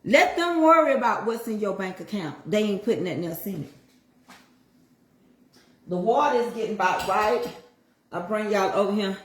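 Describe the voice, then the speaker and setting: A woman's voice: medium pitch, animated, moderate pace. Woman vlogging while cooking, echoey kitchen. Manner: chatty, folksy, motivational asides. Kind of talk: casual livestream chat while cooking. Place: home kitchen. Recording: echoey kitchen with frying sizzle.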